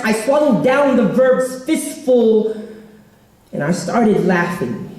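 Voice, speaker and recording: A man's voice: high voice, a little mellow. A young man performing a spoken word poem with a rhythmic, emphatic delivery. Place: event hall. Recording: echoey hall.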